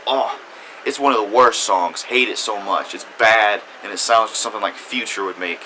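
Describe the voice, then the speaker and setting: A man's voice: on the low side, moderate pace, pushed and bright, slight background noise, poor audio. A man ranting through a blunt, swear-heavy music review. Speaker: music reviewer, channel host.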